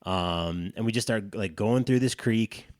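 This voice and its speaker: Low-voiced man telling a rambling story. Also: measured pace, no room sound, studio quality. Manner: profane, animated storyteller. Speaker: podcast co-host. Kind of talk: casual storytelling chat.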